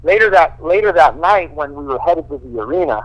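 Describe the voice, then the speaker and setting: A man, a fighter guest, casually telling profane, animated stories full of quoted dialogue. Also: on the high side, brisk, muffled recording. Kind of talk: casual storytelling.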